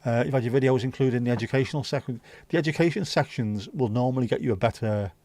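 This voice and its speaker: A man's voice: medium pitch, quick pace, mellow, dry recording. A man with a Scouse accent from Liverpool, hosting a casual livestream chat and rambling along with the odd swear word. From Liverpool, England. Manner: chatty, rambling, swears freely. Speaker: livestream host.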